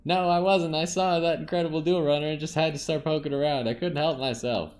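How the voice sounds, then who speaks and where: A man's voice: a little high, steady tone, fairly quick, a little mellow, soft background music, pitched above the performer's own voice, natural voice. A man voicing an eager, curious young male mechanic while reading game dialogue aloud. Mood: defensive.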